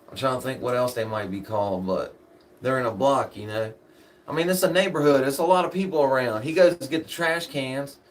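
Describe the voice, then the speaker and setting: Casual male storyteller, mid-pitched, profane and loose, laughs through his stories. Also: a little hiss or hum. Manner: profane, laid-back, laughs often, rambling.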